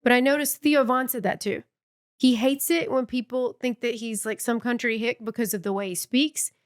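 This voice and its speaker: Higher-voiced woman from the South, co-hosting. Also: fairly even intonation, moderate pace. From American South. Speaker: podcast co-host. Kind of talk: casual chat.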